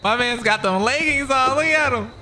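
A man giving excitable, slangy let's-play commentary over a video game, laughing often. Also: very high voice, moderate pace, faint music behind. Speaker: gaming commentator.

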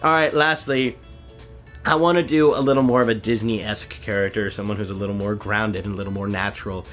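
Bright, upbeat man vlogging. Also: on the low side, fairly even intonation, brisk, soft background music. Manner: upbeat, chatty, explains his process. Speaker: YouTube voice actor host. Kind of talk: casual vlog commentary.

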